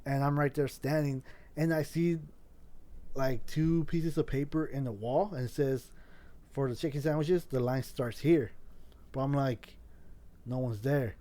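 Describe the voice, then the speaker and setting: A man's voice: mid-range voice, a little slow, long pauses, mellow. A man hosting a casual podcast, telling a rambling story with lots of swearing and restarts. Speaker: podcast host.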